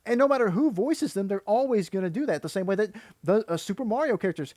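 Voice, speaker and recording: Male voice actor turned commentator; high, dry, exasperated and critical, rambles. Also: expressive, quick pace, few pauses, a little mellow, no room sound. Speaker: YouTuber and voice actor. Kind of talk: commentary video rant.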